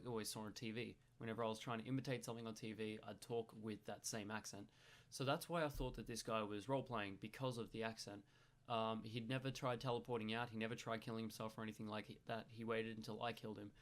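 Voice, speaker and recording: A young Australian man in casual commentary over gameplay footage, explaining at length with frequent ums and restarts. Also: fairly low pitch. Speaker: gaming YouTuber.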